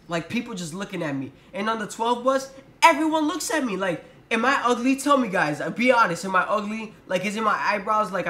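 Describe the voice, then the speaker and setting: A man's voice: high-pitched, sharp tone. A young man telling a storytime vlog in a profane, exasperated rant. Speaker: vlogger. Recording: roomy echo.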